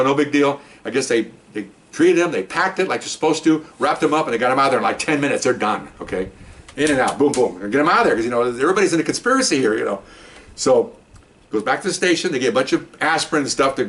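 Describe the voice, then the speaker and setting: A retired police officer, an older man with a mid-range voice, tells a story casually and with animation. He acts out the voices of the people he quotes.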